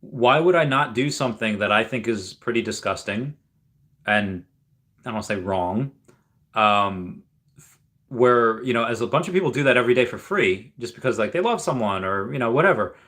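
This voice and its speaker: A man hosts a casual livestream in a medium-pitched, slightly bright voice, animated and at normal speed. He rambles with frequent restarts and fillers, reading viewer comments aloud before reacting to them.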